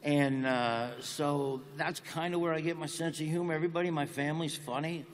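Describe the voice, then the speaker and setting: A man telling folksy, deadpan jokes as a guest in an interview. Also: fairly high pitch, a little fast, slight background noise. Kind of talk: joking interview talk. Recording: long reverb of a large hall.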